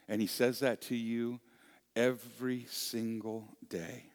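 A man preaching a sermon as pastor, earnest and repetitive, moving between soft near-whispers and loud emphasis. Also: medium pitch, fairly even intonation, measured pace.

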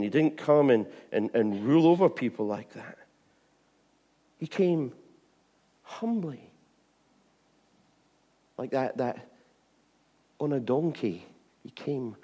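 A man preaching an informal sermon, chatty with repeated asides, swinging from bright emphasis to hushed tones. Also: mid-range voice. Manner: chatty, with frequent "you know what I mean" and restarts.

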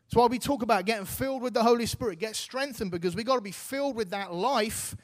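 A man's voice: very high voice, fast. A man in his thirties preaching a sermon, earnest and exhorting, with casual, everyday phrasing.

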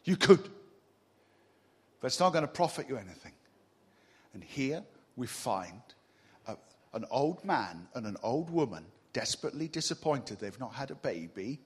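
A male preacher giving a sermon to a congregation in a church, animated and humorous, teasing the room with rhetorical questions. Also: medium pitch, normal speed, breathy edge. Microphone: mic on a stage.

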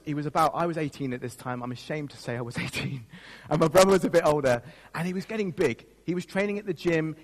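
A man pastor giving a sermon, telling a personal story in a self-mocking way and laughing at himself. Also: fairly high pitch. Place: church. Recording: long reverb of a church hall.

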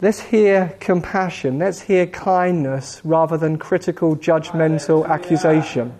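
A man preaching a sermon in a slow, measured way with dramatic pauses, gently voicing God's questions. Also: fairly high pitch. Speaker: pastor.

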